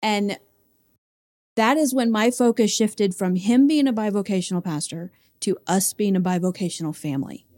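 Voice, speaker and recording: Pastor's wife, mid pitch, mellow tone, reflective and heartfelt. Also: female voice, normal speed. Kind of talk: interview answers.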